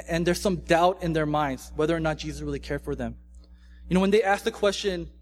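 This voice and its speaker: A man's voice: on the high side, darkish tone, slight background noise. Casual young man preaching a sermon. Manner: casual, conversational, frequent "right?" tags. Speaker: pastor.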